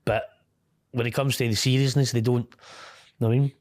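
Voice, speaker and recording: A man's voice: mid-range voice, level tone, fairly quick, darkish tone, dry recording. Blunt, salty Scottish man, dry sound. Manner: blunt, swears casually, laughs easily. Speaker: interview guest. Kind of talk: candid conversational interview.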